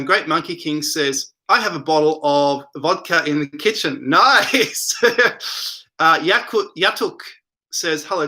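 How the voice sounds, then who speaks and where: A man with a high, very bright voice hosts a casual late-night livestream from home. He reads viewer comments aloud and wanders off into rambling replies. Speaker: livestream host reading chat.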